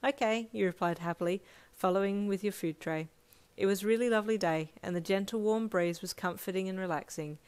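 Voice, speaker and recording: A woman's voice: mid-range voice, a little fast, clear, resonant tone. Woman reading a second-person romance story. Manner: steady read-aloud with small slips. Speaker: fanfiction reader.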